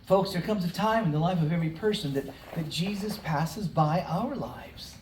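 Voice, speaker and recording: A pastor giving a conversational, story-driven sermon with dramatic pauses. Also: mid-range voice, a little mellow, a little hiss or hum. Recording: roomy hall, mic at a distance.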